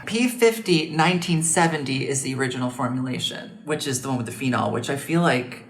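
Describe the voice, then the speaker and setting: A woman's voice: rumbling low, a little fast. A woman in her late thirties co-hosting a casual chat, telling meandering stories. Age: late 30s. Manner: chatty, meandering storyteller. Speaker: co-host.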